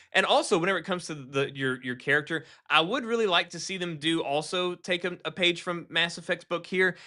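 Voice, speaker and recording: A man co-hosting a casual gaming podcast, talking in an animated, rambling way with many restarts. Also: on the high side. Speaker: podcast co-host.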